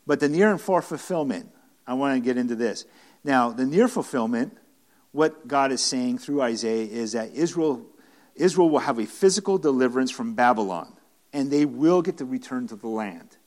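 A man's voice: mid-range voice, animated, normal speed, a little mellow. A man preaching a conversational Bible-study sermon to a room of listeners, earnest and emphatic, often restarting and repeating phrases. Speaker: pastor teaching a Bible study.

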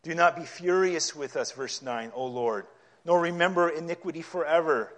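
Impassioned male preacher, higher voice. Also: normal speed. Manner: impassioned, rising to yelling at times; reads scripture aloud and explains it. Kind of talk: sermon.

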